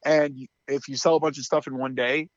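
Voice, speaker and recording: A man's voice: medium pitch, fairly even intonation, a little fast, dry recording, dull audio. A man co-hosting a podcast, chatting casually and telling a story, acting out the quotes and laughing often. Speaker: podcast co-host. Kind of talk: casual chat.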